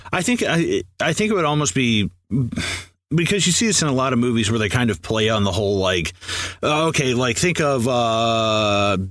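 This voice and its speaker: A man chatting about films on a podcast, his voice bright and forceful. He talks animatedly, swears freely and acts out bits of dialogue, all on a dry, close recording. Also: medium pitch, moderate pace, dry recording, soft background music. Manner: animated, swears a lot, acts out quoted lines. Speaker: podcast co-host. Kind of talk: casual film chat.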